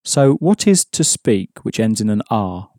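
Male language teacher, mellow, dry studio sound, patient and methodical. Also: lowish voice, big pitch swings, no room sound. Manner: measured, explanatory, repeats key points. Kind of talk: scripted lesson narration.

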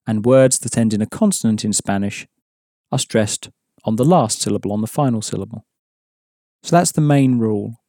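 Male language teacher, mellow, dry studio sound, patient and methodical. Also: fairly low pitch, no room sound. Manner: measured, explanatory, repeats key points. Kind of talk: scripted lesson narration.

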